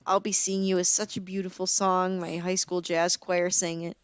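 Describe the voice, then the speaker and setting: A young woman co-hosts a podcast in relaxed, casual conversation. She tells her stories with animated, dramatic flair and laughs often. Her voice is smooth and resonant, recorded dry and close. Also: mid-range voice, no room sound. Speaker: podcast co-host. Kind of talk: casual chat.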